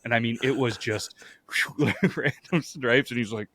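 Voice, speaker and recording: A man's voice: medium pitch, a little slow, fairly bright tone, no echo. Laid-back podcast guy, dry close mic. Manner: laid-back, crude jokes, trailing fillers. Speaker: podcast host. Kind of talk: casual chat.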